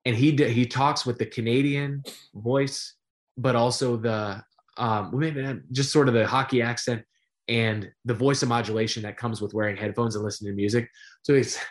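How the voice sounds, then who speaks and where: A middle-aged man, a sportscaster guest, telling stories in a casual interview, animated and full of fillers. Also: mid-range voice, normal speed. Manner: animated storyteller with many fillers.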